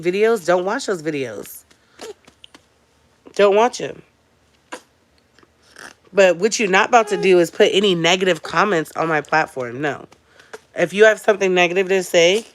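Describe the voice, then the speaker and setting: A young woman vlogger and mother chatting emphatically to her viewers, speaking to them directly in a casual way. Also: medium pitch. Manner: coos softly in baby talk to her infant. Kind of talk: casual talk to camera.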